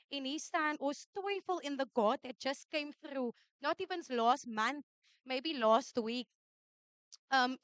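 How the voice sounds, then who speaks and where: Lady giving a church message, high voice, dry sound, repeats stuff for emphasis. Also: no room sound. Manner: switches between English and Afrikaans, repeats key lines for emphasis. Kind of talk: sermon. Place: church service.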